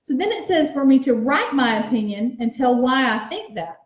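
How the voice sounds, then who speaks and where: A high-voiced woman teaches young children to write, sounding out each letter slowly and cheering them on. The room around her echoes, and the sound is a little dull. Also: expressive. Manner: slow, sounds out letters and words aloud; encouraging.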